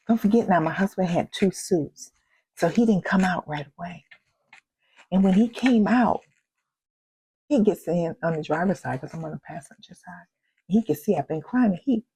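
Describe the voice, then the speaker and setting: A woman's voice: mid-range voice, a little mellow, slightly rough, no echo, low-quality recording. An older woman hosting a vlog, telling a personal story in an emphatic, repetitive, heartfelt way. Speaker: vlog host.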